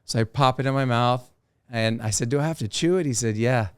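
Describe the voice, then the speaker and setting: A man's smooth, clear voice sits at a middle pitch, recorded close and dry. He tells fishing stories casually and with energy. He slips into little voices for the people he quotes. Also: a little fast, dry recording. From South Florida. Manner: animated storyteller who acts out quoted voices. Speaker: professional angler and TV host, podcast guest. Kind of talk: casual storytelling.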